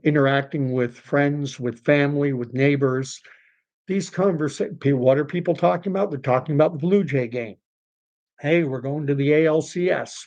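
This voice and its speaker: A Canadian man with a Canadian English accent hosts an unscripted livestream podcast, talking things through conversationally with fillers and restarts. His voice is fairly high and a little mellow.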